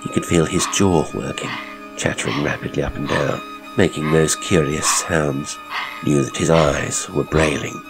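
Man, extremely low voice, gravelly, storytelling narration, faint music underneath. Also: fairly even intonation. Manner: measured, deliberate storytelling. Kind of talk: scripted horror story narration.

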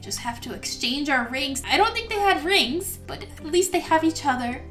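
A woman hosting a gameplay video, excitable and gushing, gasping often as she comments on the game. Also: high-pitched, moderate pace, hardly any pauses, faint music behind. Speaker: gaming video host. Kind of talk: let's play commentary.

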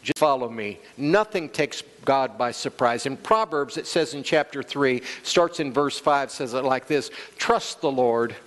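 A man's voice: mid-range voice, animated, unhurried, few pauses. A male pastor preaching a sermon, calling out to the congregation and acting out quoted voices. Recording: long church hall reverb.

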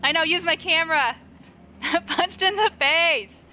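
A woman's voice: very high voice, unhurried, bright, forceful tone, slight background noise. A woman streaming a horror game live from her couch at home, easily startled, giggly and chatty with viewers and her dog, close to the microphone. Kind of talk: live gameplay commentary.

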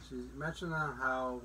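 A woman co-hosting a podcast in casual chat, blunt and quick to react. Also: very deep voice, steady tone, bright, forceful tone. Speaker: podcast co-host. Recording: distant mic, faint background noise.

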